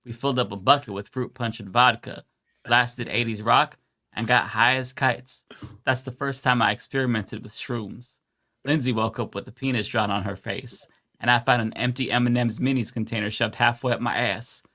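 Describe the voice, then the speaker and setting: A man's voice: mid-range voice, steady tone, moderate pace. A man voicing a rowdy Southern hillbilly man in an exaggerated put-on Southern accent, telling a wild party story. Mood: boastful. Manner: exaggerated drawl, loud and laughing.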